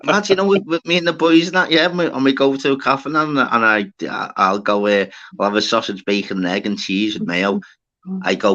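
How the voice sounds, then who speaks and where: A man's voice: on the low side, fairly quick, fairly bright tone. A man with a Scouse accent hosting a casual banter chat, brash and swearing constantly, calling everyone lad and mate. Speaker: host. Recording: dull lo-fi audio.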